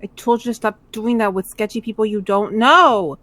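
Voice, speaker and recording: A woman's voice: on the high side, normal speed, a bit bright. A woman playing a tabletop game in character, with a stern, scolding manner. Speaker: player. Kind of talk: in-character tabletop role-play.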